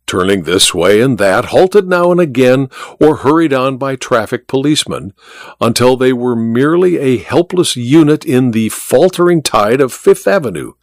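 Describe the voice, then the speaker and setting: A man reading a story aloud as narrator in a measured, expressive way. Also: medium pitch, no room sound, clean studio sound. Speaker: audiobook narrator.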